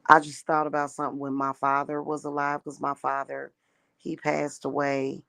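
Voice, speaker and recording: Slow gravelly woman rambling on camera. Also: rumbling low, no echo. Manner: rambling and repetitive, with emphatic restarts. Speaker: spiritual practitioner. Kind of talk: casual monologue vlog.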